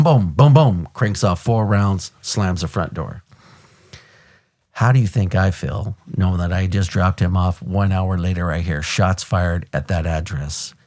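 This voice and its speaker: A man in his fifties from the United States, a podcast host and retired police officer, telling a story in a blunt, animated way and swearing casually. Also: sits low. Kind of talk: conversational storytelling.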